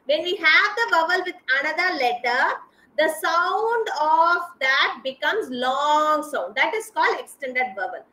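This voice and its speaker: A woman teaches a kindergarten class over a video call, high-pitched and crisp. She is patient and repeats each sound carefully for small children. The recording has a noticeable roomy echo. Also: animated, unhurried, sharp tone.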